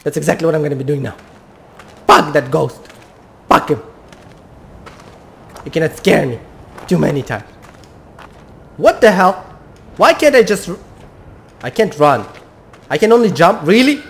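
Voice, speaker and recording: Jumpy high-voiced gamer with gravelly edge. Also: male voice, expressive, moderate pace, long pauses, fairly bright tone. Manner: jumpy, talking to himself and viewers, swearing. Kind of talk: horror game commentary.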